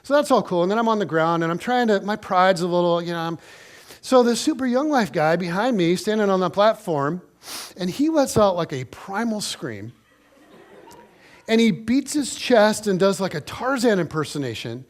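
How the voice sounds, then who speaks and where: Brief: male pastor, higher-pitched voice, lively conversational sermon delivery, chatty asides to the congregation. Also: moderate pace. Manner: animated, conversational storytelling to the congregation.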